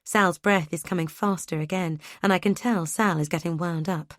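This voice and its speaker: A woman narrating a first-person thriller audiobook in a brisk, tense way. Her voice sits on the low side and is recorded close on a studio mic. The sound is dry, with no room echo. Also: fairly even intonation.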